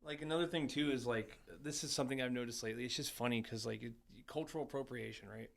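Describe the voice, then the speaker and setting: Man, gravelly voice, casual podcast chat, laid-back, mid pitch. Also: fast, a bit bright. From United States. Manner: laid-back, short agreeing replies, casual swearing. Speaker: podcast co-host, veteran.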